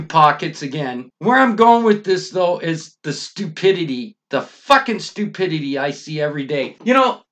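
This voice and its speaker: A man's voice: high-pitched, a bit bright. A middle-aged Canadian man hosting a podcast, ranting angrily with constant swearing and emphatic outbursts. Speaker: podcast host. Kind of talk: profane ranting monologue.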